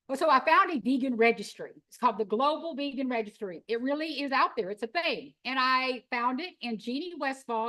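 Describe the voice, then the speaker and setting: A middle-aged woman, telling her story in an animated, folksy, emphatic way. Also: on the high side. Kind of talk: storytelling talk.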